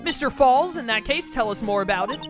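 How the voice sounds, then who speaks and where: A woman voicing a composed young female defense lawyer in a measured reading, with game music behind. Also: high-pitched, expressive.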